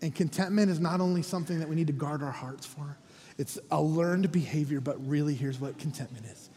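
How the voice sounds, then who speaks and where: A middle-aged man from North America preaches a sermon with a bright, high-set voice. He is animated and humorous, then drops to soft, quiet endings. His voice rings out with a long reverb in a large church hall. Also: brisk. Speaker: pastor.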